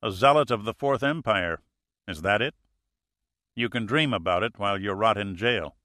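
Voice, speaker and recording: A man voicing a calm, sardonic male adventurer who speaks firmly. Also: on the low side, normal speed, dry recording, studio quality.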